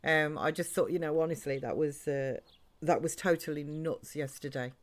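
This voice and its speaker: A woman's voice: low voice, normal speed. Rambling woman streaming a game. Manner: chatty, rambling, talks to chat and game characters. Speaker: live streamer. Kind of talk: live-stream gameplay chat.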